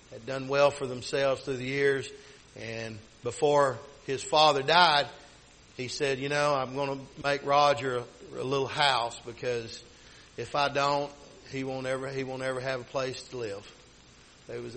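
A man's voice: mid-range voice, fairly bright tone, low-quality recording. A middle-aged man, a pastor telling a personal story in a rambling, folksy sermon style. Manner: folksy, rambling with many restarts.

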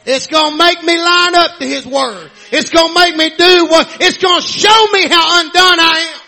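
High, bright-voiced shouting preacher man. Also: moderate pace, gravelly. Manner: fervent, shouted preaching punctuated with amens and hallelujahs. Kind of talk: sermon.

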